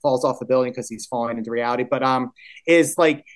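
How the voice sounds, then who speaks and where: A man's voice: medium pitch, quick pace. A man telling an improvised story in casual podcast chat, laughing often and rambling with fillers.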